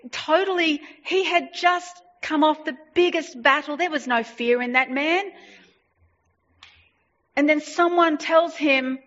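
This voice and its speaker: A woman preaching a sermon, retelling a story with animated emphasis and repeated phrases. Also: sits high. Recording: dull lo-fi sound.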